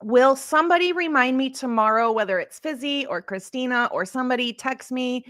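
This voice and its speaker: A woman's voice: sits high, lively intonation, fairly quick, a bit bright, dry recording, clean studio sound. A woman hosting a casual true crime livestream, chatting in a rambling way and answering comments from her live chat. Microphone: streaming setup.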